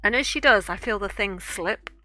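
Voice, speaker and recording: Very bright-voiced chatty woman. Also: medium pitch, normal speed, faint music behind. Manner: chatty, rambling anecdote with fillers and restarts. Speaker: art streamer. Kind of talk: casual storytelling while drawing.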